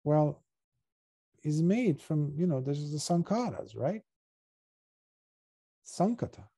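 A monk guides listeners through a scripture in a deep, mellow voice. He speaks reflectively, pausing often with small fillers as he explains each passage. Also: big pitch swings, breathy edge. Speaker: Buddhist monk teacher. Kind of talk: sutta study talk.

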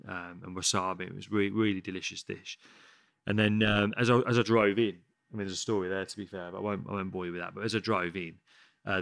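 A man's voice: low-pitched, vocal fry, a bit bright, no room sound. A man, a chef telling a story in casual chat, rambling and swearing often. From West Midlands, England. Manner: rambling, frequent swearing and restarts. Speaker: chef, podcast guest. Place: podcast studio.

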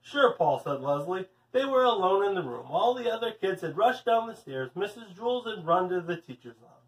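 A man, a gym teacher, reading a story aloud to children as an animated storyteller. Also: sits high, brisk. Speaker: physical education teacher. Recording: echoey room, mic at a distance.

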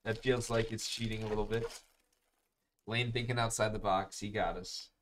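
A man's voice: fairly low pitch, fairly even intonation, normal speed, a little hiss or hum. A young man hosting a live card break, chatting casually and calling out each card as he opens packs. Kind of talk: live-streamed pack opening chat.

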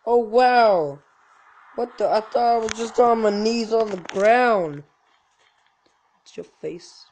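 A gaming channel host giving casual, joking let's-play commentary, with sudden loud yelps and self-mocking asides. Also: mid-range voice, takes it slowly, a little hiss or hum, rough recording.

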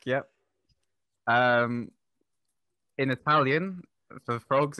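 Casting: male podcast guest, bright tense tone, close dry sound, explains patiently. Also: medium pitch, a little slow, no room sound. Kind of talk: casual podcast chat.

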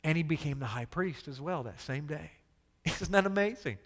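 A man's voice: fairly high pitch, expressive, normal speed, fairly bright tone, in a large hall. A man preaching a sermon as pastor, emphatic and full of rhetorical questions to the congregation.

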